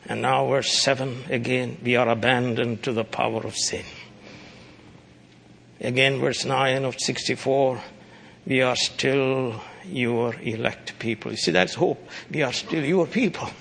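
Gravelly, bright-voiced male preacher. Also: slight background noise. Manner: preaching with sudden loud, high-pitched exclamations. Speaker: pastor. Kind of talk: sermon.

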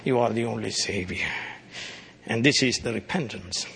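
Gravelly, bright-voiced male preacher. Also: moderate pace. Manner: preaching with sudden loud, high-pitched exclamations. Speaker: pastor. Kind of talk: sermon.

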